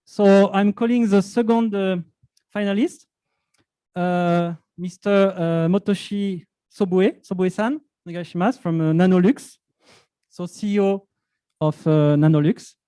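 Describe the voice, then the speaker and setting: High-voiced man hosting a pitch event. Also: fairly even intonation, measured pace, mellow, clean tone, no echo. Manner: chatty, loose and rambling. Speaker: event moderator.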